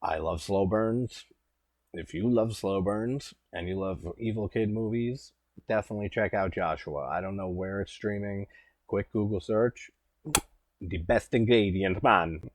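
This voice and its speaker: A man's voice: fairly low pitch, moderate pace, darkish tone. A man in his thirties giving rambling, laid-back casual commentary as a host, swearing now and then. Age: 30s.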